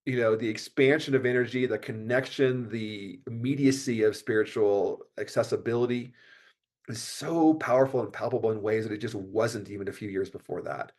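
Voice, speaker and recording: A man's voice: lowish voice, normal speed, darkish tone. Earnest American man podcast guest. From United States. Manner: earnest, flowing, many "you know" fillers. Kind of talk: casual conversational podcast.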